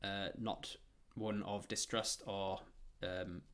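A man's voice: deep voice, level tone, slow, a bit bright. Rambling male game master. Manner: rambling, with frequent ums and restarts. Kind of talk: narrating a tabletop game on stream.

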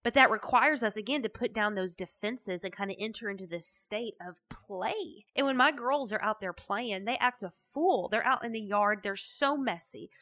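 A woman's voice: mid-range voice, moderate pace, few pauses, bright, forceful tone. A woman hosting a motivational podcast, talking in a chatty, emphatic, folksy way. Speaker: podcast host.

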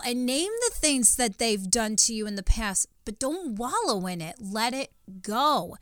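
Emphatic higher-voiced woman preaching. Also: expressive, measured pace, hardly any pauses, fairly bright tone, dry recording. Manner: emphatic, preachy, repeats words when starting sentences. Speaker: co-host of a Christian podcast. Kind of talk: faith-based conversational teaching.

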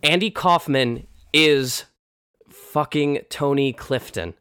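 A man telling a story in a loose, animated, chatty way with lots of fillers. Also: fairly high pitch, slow, clean tone, no echo, clean studio sound. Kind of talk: casual storytelling.

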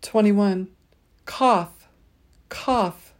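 A woman leading a pronunciation drill, saying each word twice and pausing so listeners can repeat. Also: mid-range voice. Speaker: pronunciation teacher.

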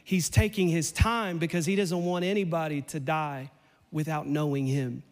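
A man preaching a sermon in a church, playful and animated, his voice climbing almost to a shout as he acts out lines. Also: a little high, normal speed, in a large hall. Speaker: pastor.

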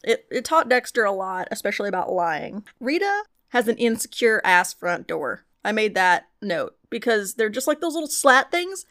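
A woman's voice: mid-range voice, very animated, normal speed, fairly bright tone. A woman co-hosting a podcast, recapping a TV show in casual chat, blunt and profane, laughing often. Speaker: podcast co-host.

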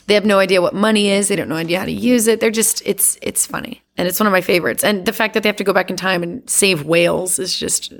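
Animated, laughing woman podcast guest. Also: mid-range voice, fast, hardly any pauses. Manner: animated, laughing often, many fillers. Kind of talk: casual chat.

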